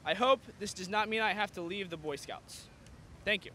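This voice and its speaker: A man's voice: high-pitched, normal speed, bright, forceful tone, a little hiss or hum. A man and scout father reading a firm, declarative press statement outdoors. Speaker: scout parent speaker.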